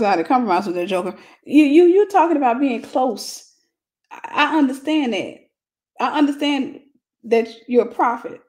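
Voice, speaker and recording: A woman's voice: high-pitched, darkish tone. Blunt, joking woman teacher. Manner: blunt, humorous, colloquial. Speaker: Christian relationship teacher. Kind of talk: casual teaching talk.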